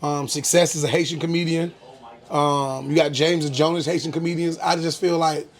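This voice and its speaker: A young comedian from Florida tells stories as a guest in a casual interview, laid-back and frequently saying "um," with bursts of laughter. His voice is fairly high and steady, at a moderate pace.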